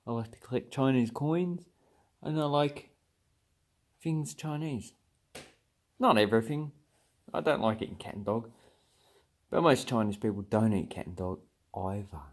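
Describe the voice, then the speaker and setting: An Australian man in a casual to-camera lesson, chatty and wandering off on tangents. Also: medium pitch. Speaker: vlogger teaching Australian slang.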